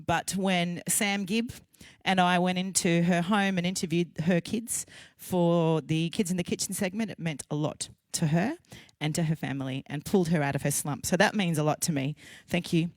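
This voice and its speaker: An Australian woman hosting a live show from a kitchen set on a handheld mic, chatty, playful and quick to get emotional. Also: fairly low pitch, no room sound. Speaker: host. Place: studio kitchen. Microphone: handheld mic on a lead.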